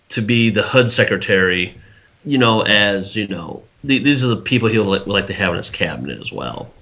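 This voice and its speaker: A man with a lowish voice and a bright edge gives casual political commentary on a podcast. He rambles, circling back through fillers and half-started phrases as he works out his point. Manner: rambling, many fillers and restarts. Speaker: podcast co-host.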